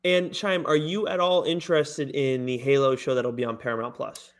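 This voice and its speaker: A man co-hosting a podcast in casual chat, relaxed and swearing freely. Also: medium pitch, normal speed. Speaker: podcast co-host.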